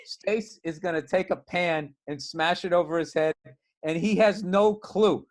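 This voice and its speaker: A man telling stories in a casual podcast chat, profane and animated, with loud bursts. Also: high voice, a little slow. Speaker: comedian guest.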